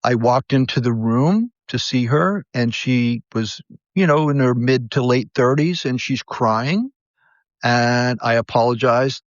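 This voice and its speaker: A man's voice: medium pitch, measured pace, no echo. A man speaking as a podiatrist guest in an interview, telling stories earnestly and animatedly, often restarting his sentences. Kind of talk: conversational storytelling interview. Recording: slightly muffled, dry.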